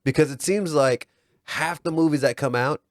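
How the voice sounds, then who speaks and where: A man's voice: on the high side, normal speed, no room sound. Chill guy cohosting a podcast, jokey, cusses a bit, dry mic sound. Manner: laid-back, joking, swears casually. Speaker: podcast co-host. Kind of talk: casual chat.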